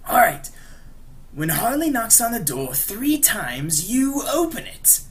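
A man putting on the voice of a manic, giddy male cartoon villain clown with a shrill, sing-song delivery. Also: very animated, slow pace, exaggerated voice. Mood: gleeful.

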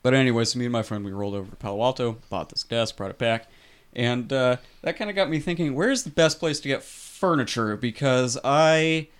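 A man's voice: mid-range voice, a little fast, clean tone. A young man co-hosting a casual podcast who talks in a dry, rambling way with lots of fillers and swearing. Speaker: podcast co-host. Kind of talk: casual chat.

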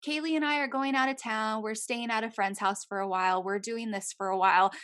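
A young woman in casual chat, retelling a true-crime story with animated voices for the people in it and frequent swearing. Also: a little high, a little fast.

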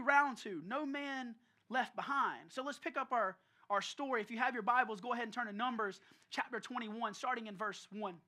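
A man preaching as a pastor, telling a story in a lively, conversational way and calling out listeners by name. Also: very high voice. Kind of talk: storytelling sermon. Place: church service.

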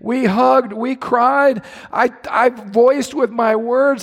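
A pastor preaching a sermon to his congregation, impassioned, his voice climbing higher when he is stirred. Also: steady tone, takes it slowly. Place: large church hall. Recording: reverberant church hall.

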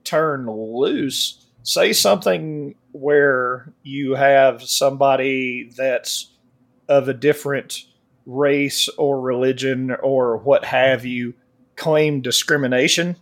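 Slow-talking man in casual chat. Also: medium pitch.

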